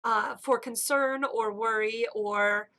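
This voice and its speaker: Woman playing a pompous smug town official, dismissive, bright tone, tabletop game. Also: on the high side, fairly even intonation, slow, exaggerated voice. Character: pompous self-satisfied male town master.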